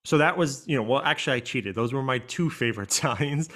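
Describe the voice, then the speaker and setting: A man co-hosting a podcast, telling stories in a relaxed way with lots of fillers. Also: mid-range voice, brisk. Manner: relaxed storytelling with frequent fillers. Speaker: podcast co-host. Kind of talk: casual chat.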